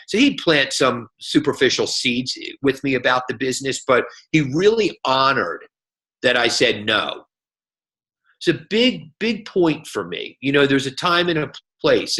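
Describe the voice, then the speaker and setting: A man in his fifties talks to a seminar audience, telling his own story with a lot of energy. His voice sits at a medium pitch, and he keeps checking in with "okay?" and "right?" as he goes. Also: rough recording. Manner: animated storyteller, quick asides, frequent "okay?" and "right?". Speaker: guest speaker. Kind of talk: motivational talk.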